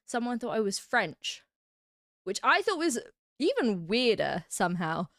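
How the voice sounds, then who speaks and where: A woman's voice: a little high, very animated, unhurried, fairly bright tone, no room sound, clean studio sound. A woman from England with an English accent, chatting casually on a livestream, rambling and laughing often. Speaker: streamer.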